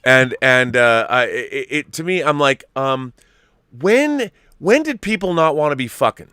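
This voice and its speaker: A man in his fifties hosting a casual podcast chat, telling stories in an animated, profane way. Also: mid-range voice, unhurried, clean tone, no echo, clean studio sound. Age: 50s. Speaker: show host.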